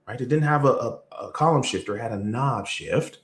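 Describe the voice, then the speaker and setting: A man giving a motivational sales talk, telling a story with lively energy and sudden jumps in pitch. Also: fast talker, few pauses, echoey room. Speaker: sales trainer. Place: event room or video call.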